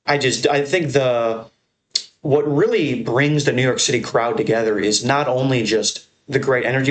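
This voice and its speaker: A young American man rambles through a tier list in a loose, excitable way, swearing freely as he goes. His voice sits at an ordinary middle pitch and jumps higher when he gets worked up. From American Northeast. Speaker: MMA content creator. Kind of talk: casual tier-list commentary.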